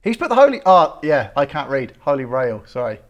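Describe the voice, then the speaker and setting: Slightly high podcast host. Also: male voice, big pitch swings, brisk, dull audio. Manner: laughs easily, reads out listener questions. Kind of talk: casual podcast chat.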